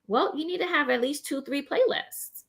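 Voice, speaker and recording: A woman hosts a casual chat about mental health, offering practical advice to people with depression in a high-sitting, gravelly voice at a moderate pace. She's animated, laughs often, and tags her points with "right?".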